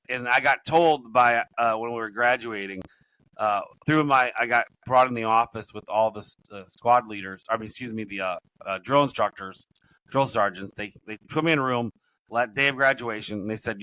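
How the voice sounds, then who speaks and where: A middle-aged man with a bright, forceful voice tells a long, winding story as a podcast guest. He often corrects himself mid-sentence and grows lively at the high points. The sound is dry and close. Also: dry recording, low-quality recording. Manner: rambling, self-correcting, animated when telling stories. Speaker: podcast guest, author and business coach. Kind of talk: casual storytelling interview.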